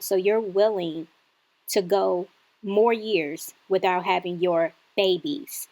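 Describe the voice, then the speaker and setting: A woman hosting a reaction channel, speaking in an indignant, lecturing way with drawn-out emphasis as she criticizes a clip. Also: fairly low pitch, fairly even intonation, darkish tone.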